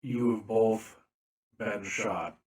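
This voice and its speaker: A man narrating a tabletop game as game master, slow and deliberate with frequent fillers. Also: on the low side, a little mellow, echoey room.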